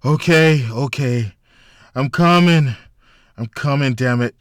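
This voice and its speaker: A man's voice: medium pitch, very animated, a little slow, no room sound, studio quality, voice pushed up. A man doing a groggy, weary man. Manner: groggy, hesitant.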